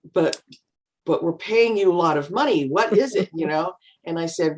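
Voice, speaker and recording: A middle-aged woman talking as a guest, telling stories calmly and acting out the voices of people she quotes. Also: low-pitched. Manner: calm, anecdotal, acts out quoted voices. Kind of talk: casual storytelling chat.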